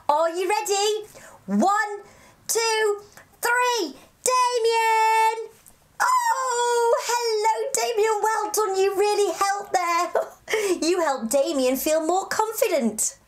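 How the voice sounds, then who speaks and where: A woman from England hosting a children's show, cheerful and encouraging, speaking slowly and clearly for young children. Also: sits high. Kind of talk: children's TV presenting.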